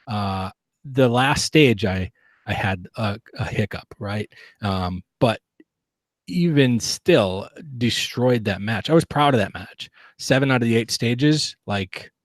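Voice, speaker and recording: A man's voice: on the low side, lively intonation, slow pace, no echo, clean studio sound. A man talking as a guest on a casual podcast interview, earnest and reflective, often restarting his sentences. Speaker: guest, competitive shooter.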